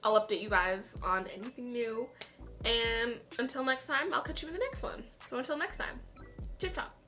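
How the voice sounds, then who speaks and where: A woman's voice: fairly high pitch, moderate pace, sharp tone, faint music behind. A young woman hosting a casual reaction vlog, telling a personal story in a chatty way with many fillers. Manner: chatty, storytelling, heavy use of "like". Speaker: YouTube reaction host.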